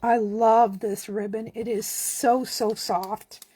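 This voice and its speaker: A woman from Canada giving a relaxed, chatty card-making tutorial, talking as she works. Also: fairly high pitch, slow, slightly rough. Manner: chatty, relaxed, talks while working. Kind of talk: casual craft tutorial.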